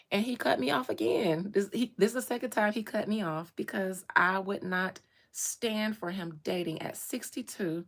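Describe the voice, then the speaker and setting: A woman, telling her own life story with strong feeling and repeating phrases for emphasis. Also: medium pitch. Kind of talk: emotional personal storytelling.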